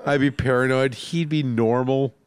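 A man's voice: medium pitch, fairly even intonation, moderate pace, smooth. A man co-hosting a podcast, cracking crude jokes and laughing in casual chat. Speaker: podcast co-host.

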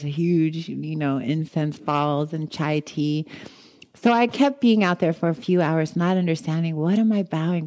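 A woman giving a dharma talk, telling a personal story in an animated way and acting out her own thoughts with laughter. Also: deep voice. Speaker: meditation teacher.

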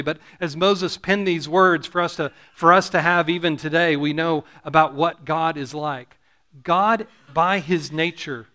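A man's voice: fairly high pitch, bright, forceful tone. A man preaching a sermon, earnest and explanatory, often restarting phrases and asking the congregation to answer "Amen?". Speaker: pastor.

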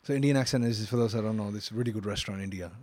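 A man hosting a casual podcast chat, chatty and quick to chime in with "yeah" while telling anecdotes. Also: fairly low pitch, darkish tone. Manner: chatty, back-channels "yeah" a lot, drops into quoted anecdotes.

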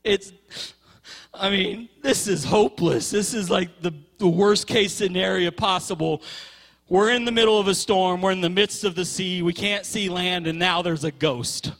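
A man's voice: sits high, normal speed, a bit bright. A man preaching a sermon with passion, stretching key words and repeating phrases for emphasis.

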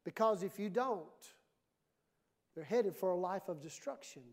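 A woman's voice: fairly low pitch, lively intonation, a little slow, a little mellow. A woman pastor preaching a sermon in a church, emphatic and conversational, often acting out the voices she quotes.

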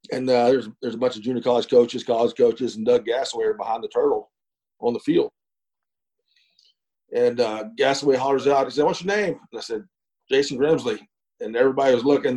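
A middle-aged man spins a long, folksy yarn as an interview guest. His voice is mellow and relaxed, in the middle of the male pitch range. He talks unhurriedly, with plenty of fillers and chuckles along the way. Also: rough recording. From East Texas. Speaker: guest, former pro baseball pitcher. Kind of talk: casual storytelling interview.

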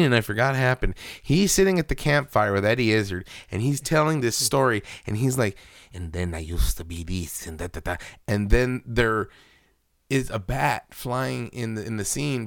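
A man with a gravelly, medium-pitched voice co-hosts a podcast, telling stories in casual chat. He swears freely and acts out the voices of the people in his stories. The studio recording is clean, with no room sound.

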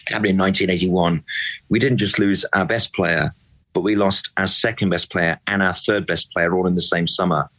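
Deep husky male pundit, fired-up fan energy, emphatic, repeats himself when he gets going. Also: a little fast, rough recording. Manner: animated, emphatic, repeats words when worked up. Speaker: football pundit and club fan. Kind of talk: impassioned casual discussion.

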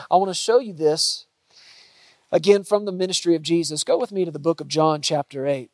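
A man with a high, bright-toned voice preaching a sermon to his congregation. He slows down to lean hard on single words, then surges louder for emphasis. The sound is close and dry, with no room echo. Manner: dynamic preaching, drawn-out emphatic words and sudden loud stresses. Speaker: pastor.

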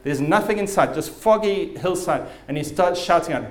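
A man's voice: fairly high pitch, normal speed, echoey room. A man preaching a sermon as pastor, telling stories vividly and with emphasis.

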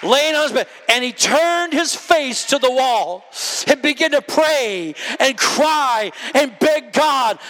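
A man preaching a sermon with passion, often shouting, building to high cries and calling out to the congregation. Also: animated, slow pace. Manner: calls out to the congregation.

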